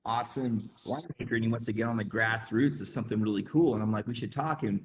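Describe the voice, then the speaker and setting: A man's voice: fairly low pitch, quick pace, a little hiss or hum. A man who grew up in the Midwest, telling a rambling casual story with lots of fillers, laughs and acted-out quotes. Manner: acts out quoted voices. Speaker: webinar guest.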